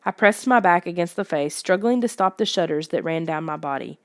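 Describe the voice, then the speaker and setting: A woman reading a first-person story aloud in steady, even narration. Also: fairly low pitch, a little fast, no echo, studio quality. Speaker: audiobook reader.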